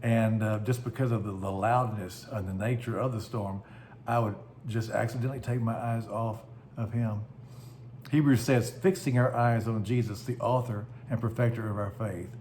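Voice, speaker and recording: A man's voice: lowish voice, fairly even intonation, moderate pace, a little mellow, a little hiss or hum. A man pastor giving a short devotional message, telling stories in a folksy way that livens up at dramatic moments.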